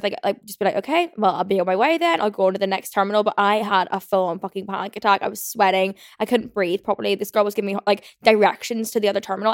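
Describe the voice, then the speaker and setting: A young woman hosting a podcast, telling a story in a fast, chatty rant full of swearing and fillers. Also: medium pitch, no echo, clean studio sound. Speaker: podcast host. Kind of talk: casual solo rant.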